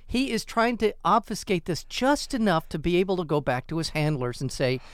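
A man's voice: high-pitched, a little fast, smooth, no echo, studio quality. A man co-hosting a casual comedic news chat, giving emphatic, indignant commentary. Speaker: co-host.

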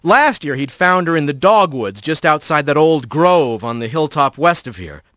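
An expressive male audiobook narrator with a slightly higher voice that rises and falls a lot. The recording is close and dry, with no room sound. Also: moderate pace, dry recording. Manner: expressive storytelling.

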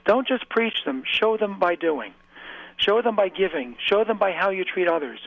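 A man's voice: high voice, expressive, moderate pace. A man guest speaking earnestly in a motivational interview, repeating phrases for emphasis. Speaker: author and guest. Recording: tinny phone line, dry.

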